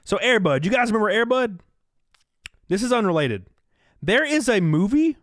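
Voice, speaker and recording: A man hosting a livestream talks in a loose, chatty way and keeps breaking into laughter. His voice sits a little high and swings up and down a lot. The close mic picks it up dry, with no room sound. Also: normal speed, no room sound. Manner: animated, reads donations aloud, laughs at own jokes. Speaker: livestream host. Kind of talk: casual livestream chat.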